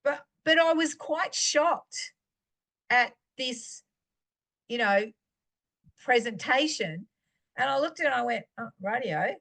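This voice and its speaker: A woman preaching in a fairly high voice. She tells stories from her own life and acts out the lines she and others said. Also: expressive, takes it slowly, long pauses, fairly bright tone. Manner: storytelling, acting out her own dialogue. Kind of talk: personal teaching talk.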